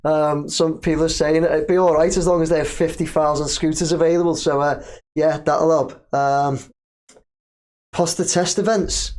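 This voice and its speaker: A man's voice: a little high, level tone, normal speed, darkish tone. A man hosting a casual live stream, chatting loosely, reading viewer comments aloud and laughing easily. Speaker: livestream host.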